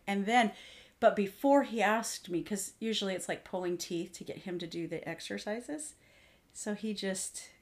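A woman in her forties chatting casually as a co-host, telling stories and acting out her children's voices. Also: lowish voice. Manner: animated storyteller, acts out her kids' voices. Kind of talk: casual chat.

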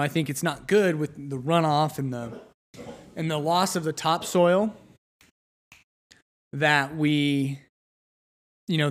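Young guy rambling on his podcast solo, kinda high voice, lots of restarts. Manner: rambling, conversational, many restarts and fillers. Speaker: podcast host.

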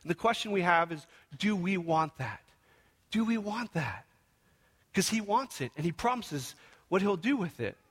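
Young male pastor, bright tenor, candid heartfelt preaching in a big reverberant church hall. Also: high voice, animated, normal speed, breathy edge. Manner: candid, earnest, self-deprecating preaching with acted-out prayers. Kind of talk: sermon.

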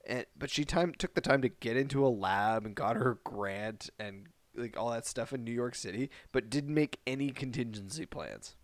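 A man co-hosting a podcast in casual chat, animated and laughing often, with rambling asides. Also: medium pitch, normal speed, hardly any pauses, no room sound. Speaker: podcast co-host.

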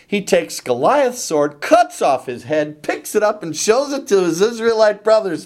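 A man's voice: high-pitched, big pitch swings, measured pace, few pauses, a little mellow. A man preaching a sermon, retelling a scripture story dramatically and animatedly.

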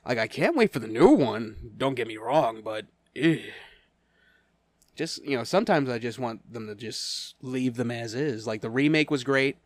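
A man's voice: mid-range voice, lively intonation, moderate pace, dry recording. Guy cohosting a podcast, stammers a bunch, laughs lots, dry close sound. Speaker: podcast co-host. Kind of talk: casual chat.

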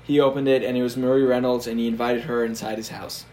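A man's voice: mid-range voice, little pitch movement, quick pace, darkish tone. A young man co-hosting a casual history podcast, telling the story with fillers and frequent laughter.

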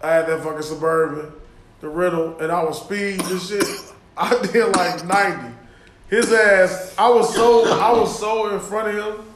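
A man's voice: high-pitched, steady tone, moderate pace, a bit bright, echoey room, a little hiss or hum. A man telling profane, laughing road-rage stories in casual chat.

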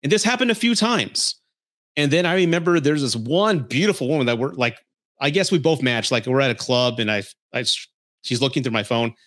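Blunt, foul-mouthed podcast host, mid pitch. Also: male voice, lively intonation, fairly quick, fairly bright tone. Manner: blunt and profane, frank anecdotes. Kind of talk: casual podcast storytelling.

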